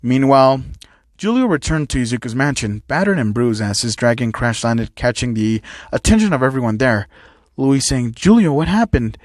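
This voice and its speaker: A man's voice: medium pitch, moderate pace, no echo, clean studio sound. A man narrating a fan-made story and reading out who speaks each line. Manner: plain reading of stage directions.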